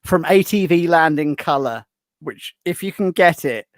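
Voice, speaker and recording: A man's voice: a little high, moderate pace, dry recording. A man, a podcast guest and author, telling anecdotes in casual chat, restarting his sentences as he goes. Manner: lively storyteller with frequent restarts.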